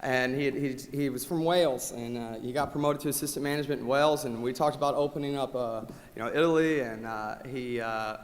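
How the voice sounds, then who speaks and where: A man giving a motivational award speech at a company rally, his delivery swinging from loud rallying calls to quiet thanks. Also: mid-range voice, fairly quick, few pauses. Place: large event hall. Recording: long hall reverb.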